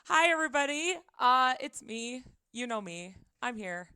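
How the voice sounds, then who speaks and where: A woman's voice: on the high side, slow pace, pushed and bright, clear, resonant tone, dry recording. A young woman chatting casually on her live stream from her apartment, giggling often, her voice a little tired, into a desk microphone.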